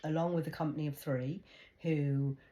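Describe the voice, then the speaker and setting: A woman in an agitated ranting monologue to camera, jumping between hushed whispers and loud outbursts and often stumbling over repeated words. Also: low-pitched, fairly even intonation, normal speed, dull audio, a little hiss or hum. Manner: repetitive, stumbling restarts. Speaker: vlogger.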